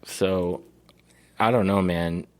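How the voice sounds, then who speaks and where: Deep-voiced man in rambling podcast chat. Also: fairly even intonation, slow. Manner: rambling, profane storyteller. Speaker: podcast co-host. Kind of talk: casual chat.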